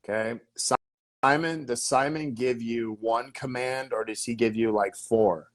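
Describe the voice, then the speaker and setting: A man as a podcast guest, giving energetic marketing advice in an emphatic way, often repeating words and asking rhetorical questions. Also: medium pitch, measured pace. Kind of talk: energetic marketing coaching talk.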